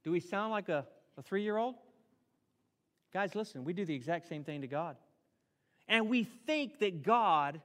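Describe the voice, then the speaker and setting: Middle-aged male pastor, animated sermon delivery, slightly high voice, long hall reverb. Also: a little slow, long pauses. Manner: animated preaching, acts out prayers in raised voice.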